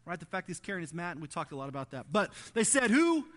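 A man's voice: a little high, lively intonation, racing, pushed and bright. A male pastor preaching a sermon in a church, telling the story in a conversational, emphatic way. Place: church before a congregation.

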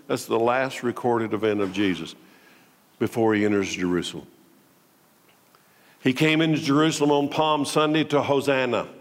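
Dramatic preacher in a reverberant hall. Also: male voice, normal speed, long pauses. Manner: dramatic, swings between loud declaiming and low intimate tones. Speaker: pastor. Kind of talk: sermon.

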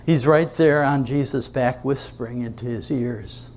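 A male pastor preaching a sermon in church to his congregation, earnest and emphatic, with dramatic pauses. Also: medium pitch, slight background noise.

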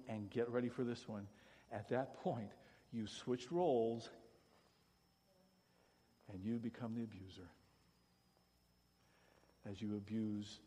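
A pastor giving a sermon, shifting from hushed, pleading passages to loud, emphatic preaching. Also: male voice, medium pitch, breathy edge, in a large hall.

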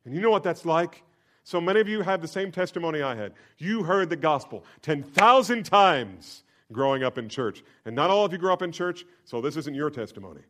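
Impassioned male preacher, loud to hushed. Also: a little high, lively intonation, a little fast. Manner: dramatic swings from loud emphatic bursts to hushed near-whispers; leads the congregation in call-and-response. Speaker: pastor. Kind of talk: expository sermon.

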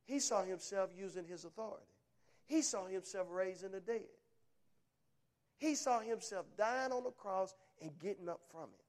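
High-voiced man preaching emphatically. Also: normal speed. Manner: emphatic, punchy short phrases; folksy storytelling, rhetorical questions. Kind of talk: sermon.

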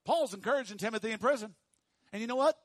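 A pastor preaching a sermon to his congregation, dropping to hushed, slow emphasis and rising to loud, high calls for the room to repeat after him. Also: no room sound. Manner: swings from hushed low emphasis to loud high call-and-response.

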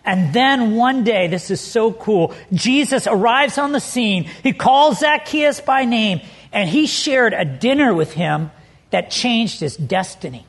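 A man's voice: high-pitched, animated, measured pace, fairly bright tone. A middle-aged man preaching a sermon as pastor, telling stories with animation and leaning hard on key words.

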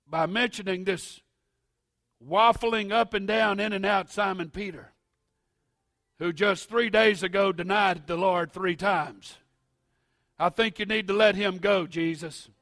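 A man preaching a sermon as pastor, moving from quiet, halting asides to loud, rising exhortation. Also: high-pitched, no room sound.

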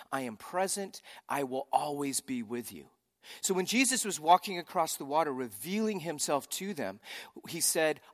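A man preaching a sermon as pastor, animated, swinging between loud emphatic bursts and quiet, intense passages. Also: a little high. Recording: long hall reverb.

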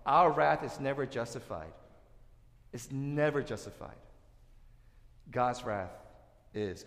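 A male pastor preaching a sermon, animated, swinging between loud emphasis and quiet asides. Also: lowish voice. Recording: echoey hall with long reverb.

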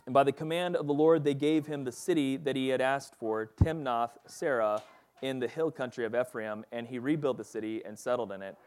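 A man's voice: mid-range voice, brisk, darkish tone. A man giving a casual, conversational Bible teaching, reading passages and talking them through with lots of fillers. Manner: casual and chatty, with frequent fillers like "like" and "you know".

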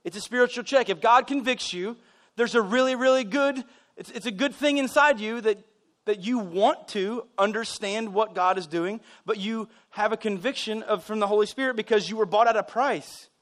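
A man's voice: sits high, normal speed. A man preaching a conversational sermon, telling stories and making asides as a pastor. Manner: conversational, animated storytelling with asides.

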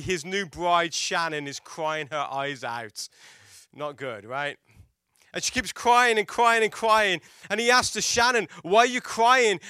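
A man preaching a sermon as a pastor, telling stories and asking the congregation questions, swinging between loud emphatic lines and hushed quiet ones. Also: high voice, clean tone, no echo, studio quality. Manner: storytelling with rhetorical questions to the congregation.

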